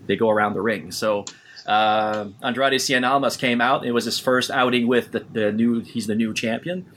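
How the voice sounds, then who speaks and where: A man co-hosting a podcast in casual chat, telling stories in an animated way, laughing often and restarting his sentences. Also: mid-range voice, a little hiss or hum. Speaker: podcast co-host.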